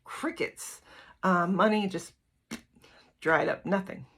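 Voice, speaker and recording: A woman's voice: fairly low pitch, takes it slowly, creaky, fairly bright tone, husky. A middle-aged woman giving a candid, rambling personal talk to her channel's viewers, full of fillers and asides. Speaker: spiritual teacher and YouTuber. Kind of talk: casual personal talk to camera.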